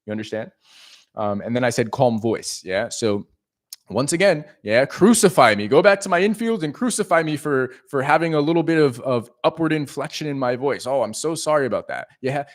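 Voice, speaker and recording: A man giving an animated, profane casual monologue as a dating coach. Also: mid-range voice, normal speed.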